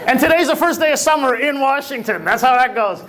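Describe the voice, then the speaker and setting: A man's voice: very high-pitched, expressive, fairly quick, a bit bright, a faint crowd. A man emceeing a luncheon, chatting playfully with the audience and teasing guests about where they are from. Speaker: event emcee. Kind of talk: lively crowd work at a luncheon. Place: banquet room at a luncheon.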